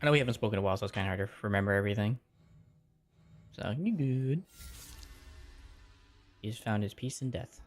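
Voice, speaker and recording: A man's voice: on the low side, racing, faint music behind. A man streaming a game and chatting casually with viewers in a rambling, easygoing way. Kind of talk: casual chat while gaming.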